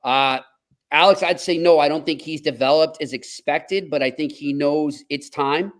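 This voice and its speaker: Man, podcast co-host, casual upbeat chat, reads ads breezily. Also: fairly high pitch. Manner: chatty, upbeat ad reads, quick asides.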